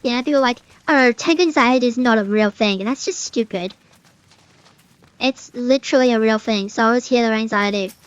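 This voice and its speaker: A woman's voice: fairly high pitch, normal speed, smooth, lo-fi sound. A young woman streamer in casual gameplay commentary, ranting in a chatty way with many fillers. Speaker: gaming streamer.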